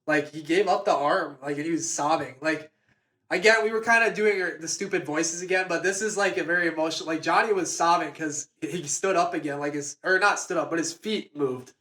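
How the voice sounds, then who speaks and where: Man, casual podcast co-host, slightly high voice, rambly, roomy phone recording. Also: a little fast, pushed and bright. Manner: rambling, self-correcting. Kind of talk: casual book club chat. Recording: echoey room on a phone.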